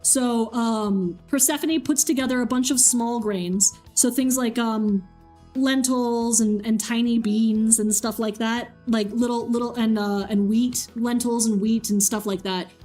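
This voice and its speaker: A high-pitched young woman streams a game and retells a myth in loose, chatty fashion, swearing often and filling pauses. Soft game music plays faintly behind her. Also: fairly even intonation. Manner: chatty, swears freely, many fillers. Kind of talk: casual storytelling while gaming.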